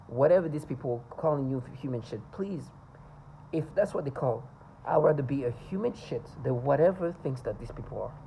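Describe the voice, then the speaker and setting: A woman with a low, warm, mellow voice speaks to camera in a personal vlog. She is earnest and insistent, stumbling often as she repeats words and restarts her sentences. A faint hum of noise sits under her voice. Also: animated, moderate pace, rough recording. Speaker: vlogger.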